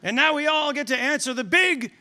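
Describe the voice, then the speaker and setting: American man, comedian on stage, high bright voice, sarcastic. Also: animated, a little fast. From United States. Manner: dry, sarcastic quips. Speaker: comedian co-host. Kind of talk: stand-up political comedy double act. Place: theater stage.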